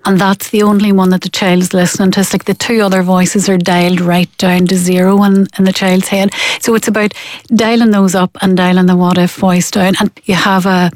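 A woman's voice: medium pitch, a little fast, no echo. A woman, a parenting expert explaining her methods in an interview, acting out the parents she quotes. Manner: animated, acts out quoted parents.

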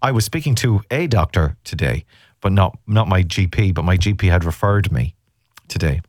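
A man's voice: sits low, animated, normal speed, darkish tone, no room sound, clean studio sound. An Irish man hosting a radio show, chatting casually and teasing listeners as he rambles through the day's topics. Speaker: radio host. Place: radio studio.

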